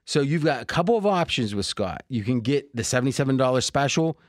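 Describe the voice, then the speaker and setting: An American man hosting a sports betting podcast, chatting casually and joking as he pitches betting packages with a salesman's energy. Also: expressive, fast, no room sound, clean studio sound. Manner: upbeat salesman-like, joking, laughs often. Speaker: podcast host.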